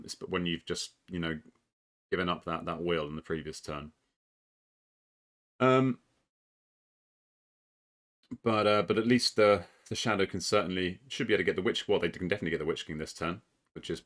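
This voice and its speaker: A man commentating a recorded board game match in a casual, excitable way, with plenty of ums, restarts, laughs and the odd swear. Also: sits low.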